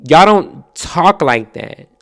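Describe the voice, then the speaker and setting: A man from New Jersey with a Jersey accent, hosting a podcast as a casual storytelling monologue, animated and profane, laughing often and slipping into mimicked accents. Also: a little high, slow pace. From Trenton, New Jersey. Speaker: podcast host.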